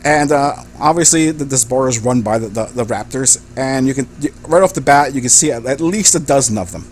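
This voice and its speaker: A man's voice: medium pitch, a little hiss or hum. A man narrating as game master of a tabletop game, describing scenes with frequent restarts. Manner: rambling, halting description with restarts.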